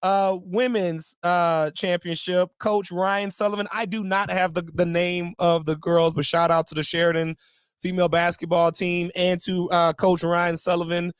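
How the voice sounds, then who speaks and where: A man with a fairly high voice co-hosts a casual podcast, trading quick, relaxed remarks. The recording is close and dry, with no room around him. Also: clean tone, no room sound. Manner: quick, relaxed back-and-forth with short agreements. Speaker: podcast co-host. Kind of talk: casual chat.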